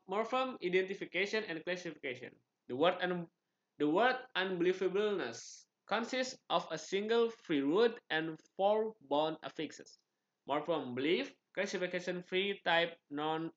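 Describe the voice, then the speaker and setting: A man's voice: high voice, fairly bright tone, dull audio. A man with an Indonesian accent, a student presenting, reading slide items in short clipped phrases with some restarts.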